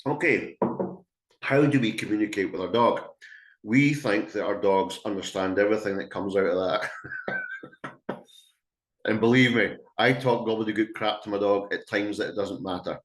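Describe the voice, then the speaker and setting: Chatty Scottish dog trainer, low voice. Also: male voice, lively intonation, brisk, reverberant. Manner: chatty and emphatic, acts out calls to a dog. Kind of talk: webinar talk to a live audience. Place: indoor room with an audience.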